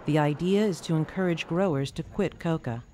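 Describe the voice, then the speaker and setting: A narrator reading a scripted documentary in an even, measured way. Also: medium pitch, noisy background. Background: music.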